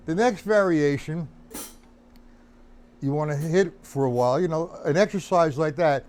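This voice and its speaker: A man teaching a live-streamed drum lesson, explaining rhythms, counting beats out loud and greeting viewers by name. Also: fairly high pitch, moderate pace, long pauses, over loud music.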